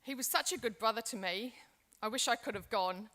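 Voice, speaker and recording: Woman playing an aging migrant mum phoning family, high voice, bright and tense, affectionate, chatty. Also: fairly quick. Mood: tender. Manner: chatty, affectionate, talking on the phone. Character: aging woman migrant phoning her children and grandchildren overseas. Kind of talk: acted role-play in a seminar.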